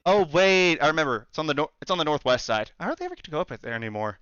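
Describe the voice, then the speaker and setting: A young man narrating a tabletop game as game master, his pitch bouncing around as he rambles. The audio is dry and a little dull, like a voice call. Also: big pitch swings, rapid-fire, a bit bright, clear, resonant tone, no echo. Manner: rambling, with fillers and restarts.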